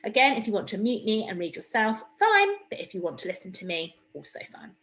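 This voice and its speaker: A woman's voice: mid-range voice, very animated, fairly quick, a bit bright, poor audio. A woman teacher giving a recorded reading lesson, encouraging and explaining step by step. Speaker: primary school teacher.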